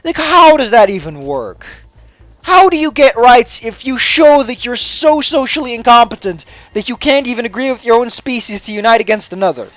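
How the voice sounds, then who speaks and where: A let's play commentator gives casual gameplay commentary, breaking into a mock-angry, swear-heavy rant before sheepishly apologizing. His voice is very high-pitched, animated, and a bit bright, delivered at a moderate pace with no echo.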